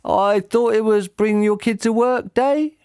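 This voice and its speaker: A man's voice: sits high, unhurried, a little mellow, clear, resonant tone, no room sound, studio quality, pitched above the performer's own voice. A man voicing a bumbling, nervous father in a storybook reading, with a stammering, evasive manner. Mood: flustered.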